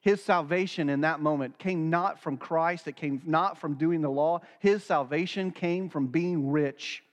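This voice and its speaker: Pastor, man, sermon delivery, earnest, high voice, long hall reverb. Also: unhurried. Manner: earnest, acts out quoted dialogue.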